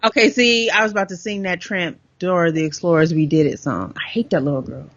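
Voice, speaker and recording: A woman's voice: lowish voice, a little fast, no room sound, muffled recording. A middle-aged woman co-hosting a podcast, chatting casually and telling stories with lots of laughter. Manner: animated, laughing storyteller. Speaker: podcast co-host. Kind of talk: casual chat.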